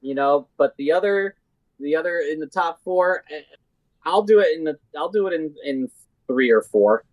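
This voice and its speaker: Male podcast guest, halting casual delivery, dry recording. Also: a little high, animated, darkish tone, no room sound, poor audio. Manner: hesitant, halting, with many fillers and restarts. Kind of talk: casual fantasy football chat.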